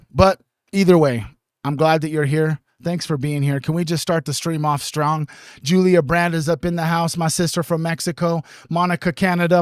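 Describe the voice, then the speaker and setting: A man hosting a casual livestream, rambling with many restarts, swearing and often clearing his throat. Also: on the high side, no room sound, clean studio sound. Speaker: livestream host. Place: home streaming setup.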